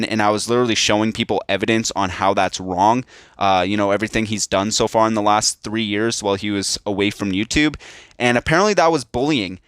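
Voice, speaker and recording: A young man ranting to his viewers in a casual, monotone and frustrated way. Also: lowish voice, clear, resonant tone, no room sound, studio quality. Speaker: YouTube commentator. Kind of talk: casual rant to camera.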